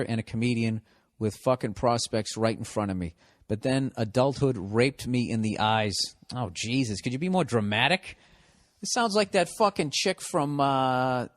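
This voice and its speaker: A man's voice: mid-range voice, dry recording. A man with a Boston accent hosting a podcast, riffing sardonically and profanely on listener letters. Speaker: podcast host. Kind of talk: casual comedic monologue.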